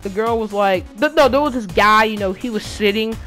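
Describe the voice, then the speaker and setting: A woman's voice: medium pitch, brisk, a bit bright, faint music behind. A teenage girl, a student, recounting a school bus story in casual speech, with many restarts and fillers as she rambles along. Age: teens. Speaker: student vlogger. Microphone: game console headset.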